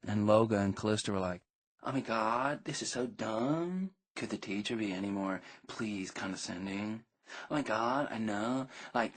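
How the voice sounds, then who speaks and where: A man's voice: fairly low pitch, a little mellow, no echo. A man narrating a first-person audiobook in a rambling, slangy teenage manner. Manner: slangy, rambling teen storytelling.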